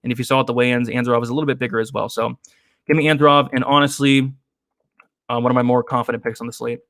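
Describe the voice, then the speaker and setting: A man's voice: medium pitch, very fast, dry recording. Guy on a betting stream just chatting picks, dry close sound, pretty laid back. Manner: relaxed, chatty, with frequent fillers and laughs. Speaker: host of an MMA betting show. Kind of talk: casual live-stream chat reading viewer comments.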